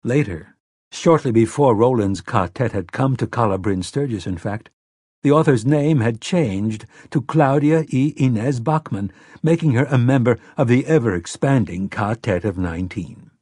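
In this scripted audiobook narration, a man with a mid-pitched, slightly husky voice reads in a measured, expressive way that leans into the story. The recording is close and dry, with no room sound or echo.

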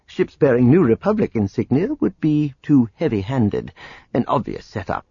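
A man voicing a sly, self-assured male schemer with a smooth, approving manner. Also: mid-range voice, wildly swooping pitch, moderate pace, warm tone, no room sound, muffled recording, heavily acted.

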